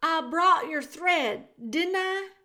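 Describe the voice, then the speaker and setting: A woman voicing a loud, clumsy twelve-year-old serving girl who is hard of hearing and talks in blunt, rustic speech. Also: extremely high pitch, expressive, slow pace, pitched above the performer's own voice, full character voice. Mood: blunt, earnest.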